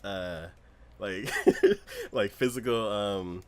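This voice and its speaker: A man co-hosting a casual anime review podcast, retelling a show's plot as a lively storyteller who acts out scenes with loud squeals and laughter. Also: on the low side, very slow. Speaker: podcast co-host. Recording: livestream podcast.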